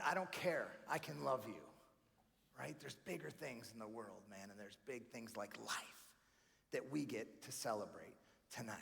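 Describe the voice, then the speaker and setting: A man from New York doing energetic, chatty stand-up comedy as a banquet keynote, often calling the crowd friends and man. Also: fairly high pitch, creaky. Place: large banquet hall. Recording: live hall reverb with faint room noise.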